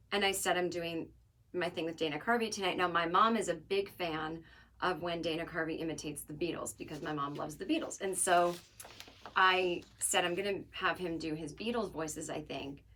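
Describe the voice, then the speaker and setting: A woman in her forties hosts her own podcast, telling a personal story in a loose, conversational way. Her voice sits a little low, and she drifts into chatty, self-deprecating asides as she goes. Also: normal speed, a bit bright. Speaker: podcast host. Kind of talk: casual storytelling monologue.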